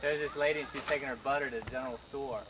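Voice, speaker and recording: A man's voice: medium pitch, fairly even intonation, very fast. A man telling a joke in a plain, matter-of-fact way at a family gathering. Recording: home video with background noise.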